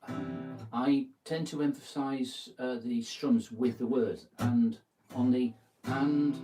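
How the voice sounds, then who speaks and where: A man giving a relaxed guitar lesson, thinking aloud and counting out beats as he plays. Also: mid-range voice, slow. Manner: thinking aloud, counts beats and sings lyric snippets while playing. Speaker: guitar teacher. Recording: distant mic with guitar playing.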